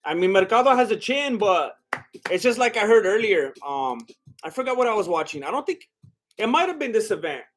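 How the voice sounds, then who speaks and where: High-voiced excitable male fight streamer. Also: a little fast. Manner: excitable, exclaims at big shots, chats with viewers. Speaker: livestream fight commentator. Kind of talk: casual live commentary and chat.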